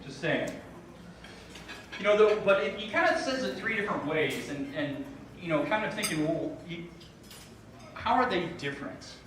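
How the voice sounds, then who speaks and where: A man speaks at a dinner gala, a bit higher-pitched than most men, with an easy, joking delivery full of ums. He sounds far from the mic, and a very echoey banquet hall rings around him. Cutlery and dishes clatter behind him. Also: lively intonation, normal speed, pauses often, a bit bright, slight background noise. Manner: casual, with frequent ums and self-deprecating jokes. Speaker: school founding board member. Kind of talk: informal gala speech. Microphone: podium microphone heard from a distance.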